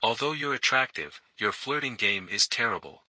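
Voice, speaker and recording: A man's voice: medium pitch, animated, normal speed, pushed and bright, dry recording. A man reading a coy, teasing young woman.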